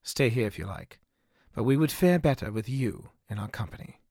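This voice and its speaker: A man's voice: mid-range voice, lively intonation, normal speed, darkish tone, no echo, clean studio sound, voice pushed down. A man voicing a blunt, quarrelsome airship gunner who barks and grumbles his doubts in an audiobook. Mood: gruff. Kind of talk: audiobook character voice.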